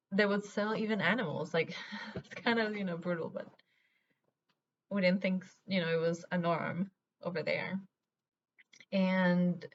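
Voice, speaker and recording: A young woman from Venezuela talks candidly to camera while getting ready, wandering from one childhood memory to the next and often laughing through the rough parts. Her voice sits in a middle pitch. The home recording sounds a bit dull, with a faint hiss behind her. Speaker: vlogger. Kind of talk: get-ready-with-me chat while doing makeup.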